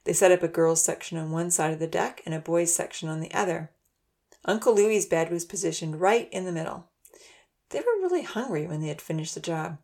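A woman narrating a children's storybook aloud in a steady, gentle way. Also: on the low side, brisk, vocal fry.

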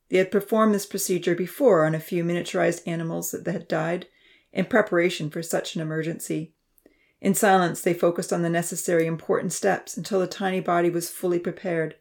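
A woman narrating a novel in a steady, measured reading voice. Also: fairly low pitch, vocal fry. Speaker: audiobook narrator. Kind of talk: scripted narration.

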